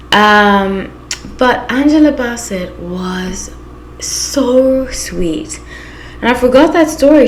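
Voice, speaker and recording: Woman, Zimbabwean accent, casual chat, anecdotal asides, echoey room, faint hiss. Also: medium pitch. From Southern Africa. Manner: chatty, anecdotal storytelling with frequent asides. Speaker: tarot channel host.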